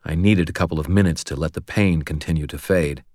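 A man reads a first-person audiobook in a very low, deep voice. His delivery is steady and measured with a wry edge, recorded close and dry with no room sound. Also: dry recording. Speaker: audiobook narrator.

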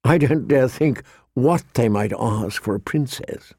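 A man's voice: medium pitch, measured pace, dark tone, breathy edge, no room sound. A man voicing a calculating courtier with a dry, complaining manner. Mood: wry. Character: wry calculating male courtier.

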